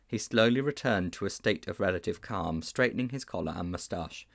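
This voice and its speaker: A man reading a children's novel aloud with measured, expressive narration. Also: low-pitched, vocal fry. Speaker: storybook reader.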